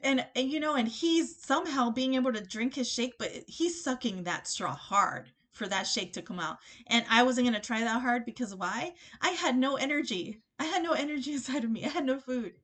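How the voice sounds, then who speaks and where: A young woman with a slightly high voice hosts her own podcast, recounting a personal story into a desk microphone. She chats casually and animatedly, piling on fillers and quoted dialogue. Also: normal speed, hardly any pauses, a bit bright. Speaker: podcast host.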